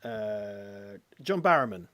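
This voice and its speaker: A man's voice: mid-range voice, sing-song, slow, a bit bright, no echo. A young British man co-hosting a casual chat, rambling, swearing and mocking himself. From Britain. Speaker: podcast co-host.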